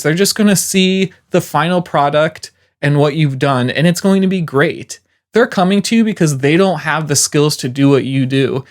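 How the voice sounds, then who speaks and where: A man who works as a voiceover artist, giving encouraging, conversational advice to beginner freelancers with frequent "you know"s. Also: on the high side.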